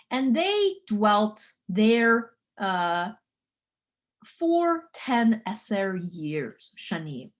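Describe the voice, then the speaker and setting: Woman, lecturer, casual teaching, frequent fillers, checks in with "okay?", medium pitch. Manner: spells out Hebrew words slowly. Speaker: teacher of biblical Hebrew.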